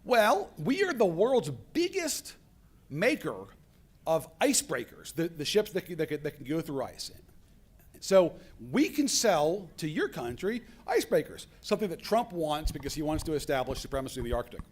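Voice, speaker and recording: A man's voice: on the high side, moderate pace. A man giving a storytelling speech at a business conference, acting out the dialogue he quotes. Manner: animated, acts out quoted dialogue. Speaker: keynote speaker. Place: conference hall.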